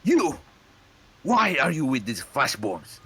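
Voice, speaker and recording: A man voicing a hostile male Warforged soldier, a fanatical construct who shouts his accusations. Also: medium pitch, takes it slowly, husky, voice pushed up, full character voice.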